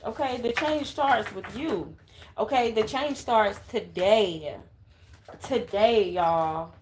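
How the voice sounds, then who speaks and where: A woman's voice: mid-range voice, slow pace, darkish tone, a little hiss or hum. A woman giving a casual tarot reading to viewers, coaxing and emphatic, dotting her talk with "okay?". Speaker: tarot reader.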